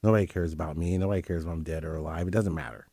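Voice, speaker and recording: A man's voice: deep voice, fairly even intonation, rapid-fire, gravelly, mellow, husky, dry recording, clean studio sound. A man, a guest on a talk show, candidly telling his life story and often repeating his phrases. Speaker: interview guest.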